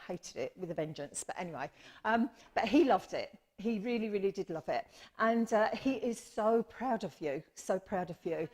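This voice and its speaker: Readings at a church service come from a woman medium whose mid-range voice is a little mellow. In this live demonstration she's talkative and tender, frequently calling people "my lovely" and apologising.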